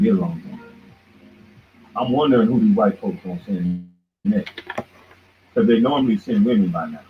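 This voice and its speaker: A man hosting a show, delivering a heated, confrontational ranting monologue that keeps jabbing at his target as "boy". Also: on the low side. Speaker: show host. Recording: tinny phone-like line with faint noise.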